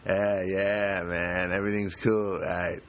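A laid-back male neighbor, as a man puts him on, drawling his greetings slowly in a low, easygoing voice. The tone shifts away from the speaker's usual timbre and settles into a relaxed, unhurried mellowness. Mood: mellow.

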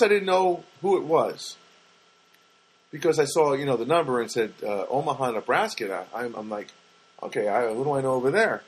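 A man's voice: fairly high pitch, husky, low-quality recording. A middle-aged man hosting a podcast, telling a long, rambling, self-deprecating story full of fillers. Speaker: podcast host.

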